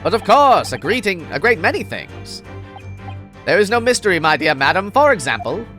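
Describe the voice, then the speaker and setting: A woman's voice: on the low side, sing-song, moderate pace, a bit bright, soft background music, pitched above the performer's own voice. A woman voicing a boastful, eccentric male detective with a put-on transatlantic accent, declaiming theatrically. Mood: pompous. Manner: theatrical, self-satisfied declaiming. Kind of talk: game dialogue read aloud.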